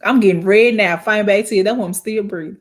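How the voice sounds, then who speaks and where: A young adult woman hosting a casual chat, speaking straight to her viewers in an animated, preachy way that turns tearful and halting when she gets emotional. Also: medium pitch. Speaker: host.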